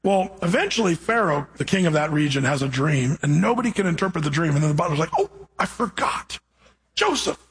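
A man preaching a sermon, reading scripture and then retelling the story with animated, playful asides. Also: fairly high pitch, fast talker, few pauses, low-quality recording.

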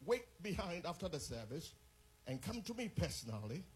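This man's voice sits a little high and swings widely in pitch at a moderate pace. He is a visiting bishop from overseas, leading a sermon and prayer with fervent rhythm and phrases he keeps repeating.

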